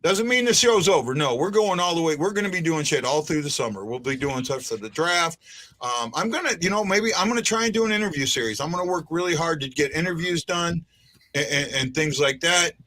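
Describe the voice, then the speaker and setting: Male fan-show host, bright and slightly high voice, loose rambling delivery with restarts. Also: a little fast. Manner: rambling, repeats himself and restarts. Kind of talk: casual live-stream chat.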